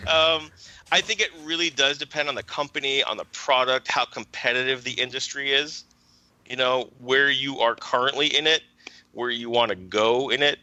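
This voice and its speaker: Bright-voiced man explaining marketing. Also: medium pitch, steady tone, moderate pace, no echo, poor audio. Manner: thoughtful, explanatory, frequent "um" and "right?". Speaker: marketing teacher and podcast guest. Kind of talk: casual podcast interview.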